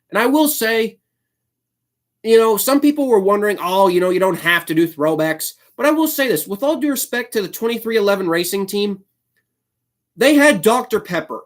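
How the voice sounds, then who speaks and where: A man hosting his own solo video show, talking casually and slipping into a heated, apologetic rant. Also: high voice. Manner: ranting, apologetic, fired up; frequent fillers and restarts. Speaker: YouTube host.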